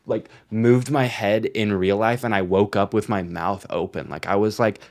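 Low-voiced laughing male podcast co-host. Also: steady tone, normal speed, darkish tone. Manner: laughing, profane, storytelling. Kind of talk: casual chat.

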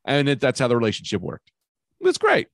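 A man in casual conversation, telling stories in a loud, animated way with lots of swearing. His pitch leaps around as he talks, and the sound is dry and close. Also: a little fast, dry recording. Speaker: podcast guest, comedian. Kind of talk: casual chat.

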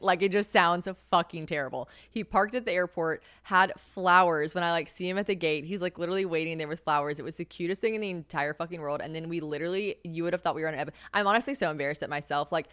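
A young woman talks straight into a podcast mic in a dry, close recording. Her voice sits a little low for a woman. She rambles through casual, self-mocking stories, swears freely and leans hard on "like". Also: fairly quick, fairly bright tone, clear, resonant tone, no room sound. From United States. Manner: chatty and self-mocking, heavy use of "like", swears freely, laughs often. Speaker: podcast host. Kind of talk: casual solo podcast storytelling.

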